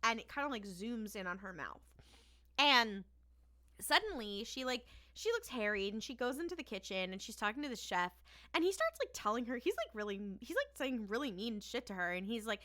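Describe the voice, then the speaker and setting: A woman's voice: mid-range voice, fairly quick. A woman co-hosting a podcast, casually recapping a TV episode with frequent laughter and free swearing. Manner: laughs often, swears freely, animated retelling. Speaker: podcast co-host.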